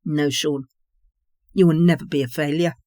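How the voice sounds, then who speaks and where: Reader as a fond older father, slightly lower, middle voice, dry sound. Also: steady tone, normal speed, warm tone, no echo, natural voice. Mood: tender. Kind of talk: audiobook reading.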